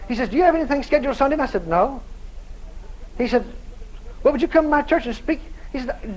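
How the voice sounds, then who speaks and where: A man's voice: very high-pitched, brisk, long pauses, low-quality recording. A male preacher telling a story in a sermon, laughing often and acting out every voice in it. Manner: animated, laughing storyteller who acts out the voices in his story.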